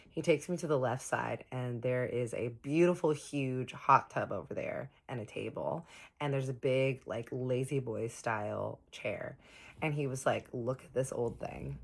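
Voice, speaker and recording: Woman, very deep voice, chatty storytime narrator who quotes everyone herself. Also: a bit bright. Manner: chatty, quoting others in her own voice.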